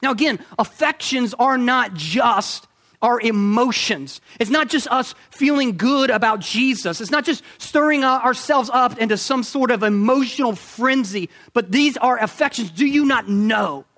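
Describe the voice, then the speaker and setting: Delivering a sermon, a male preacher uses a strikingly high-pitched, fairly bright voice. He's emphatic, piling up rhetorical questions and slowing his delivery to hammer each point.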